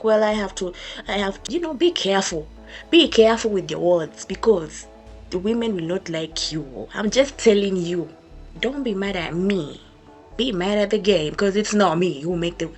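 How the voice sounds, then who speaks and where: A young woman vlogger giving a sassy, emphatic storytime rant to camera, repeating her points for effect. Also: mid-range voice.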